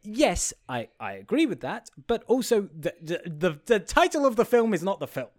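A man with a somewhat high voice co-hosts a relaxed film discussion. He rambles, restarts his sentences and argues his opinions at length. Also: normal speed. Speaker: podcast co-host. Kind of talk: casual film review chat.

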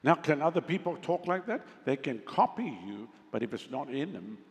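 A man preaching with a high, rough voice, pressing his points and drawing responses from the congregation. His sermon rings with the long reverb of a large hall. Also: very animated, normal speed. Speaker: pastor.

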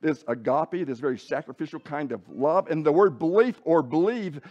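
A man's voice: fairly high pitch, moderate pace, darkish tone, lo-fi sound. Man teaching a casual Bible lesson. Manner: conversational, frequent restarts and self-corrections.

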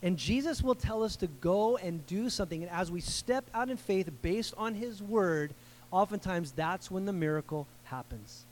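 A man preaching a casual, conversational sermon, animated and slangy, acting out the people in the story. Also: high-pitched, moderate pace, a little hiss or hum. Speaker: pastor.

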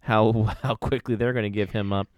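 A man's voice: on the low side, steady tone, moderate pace, dry recording, clean studio sound. A man co-hosting a hockey podcast, chatting casually and laid-back with short agreeing replies. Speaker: podcast co-host. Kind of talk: casual chat.

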